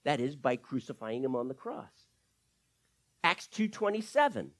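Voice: mid-range voice, very animated, a little slow. A pastor preaching a sermon, working through scripture verse by verse and asking the listeners rhetorical questions.

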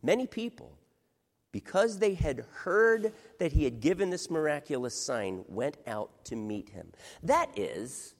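A man preaching a sermon, telling a Bible story dramatically, dropping to a hush and rising to near shouts, acting out the voices in it. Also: on the high side, sing-song, measured pace, long reverb tail. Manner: dramatic, swings from hushed to loud, acts out quoted voices. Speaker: pastor.

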